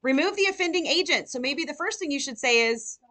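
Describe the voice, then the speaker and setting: A woman nursing tutor lecturing a live class, firing rapid questions at her students. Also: high voice, animated, pushed and bright.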